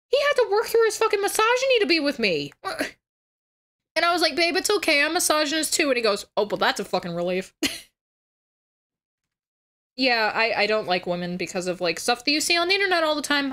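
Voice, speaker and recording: A woman's voice: high-pitched, a bit bright. A woman streamer chatting casually on a livestream, blunt and crude, swearing freely.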